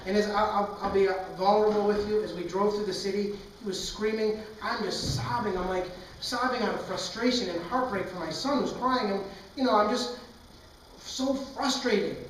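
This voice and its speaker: A man's voice: high-pitched, steady tone, brisk, a little hiss or hum. A young man, a pastor, preaching a sermon and telling a personal story in a candid, earnest, impassioned way. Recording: echoey hall, far from mic.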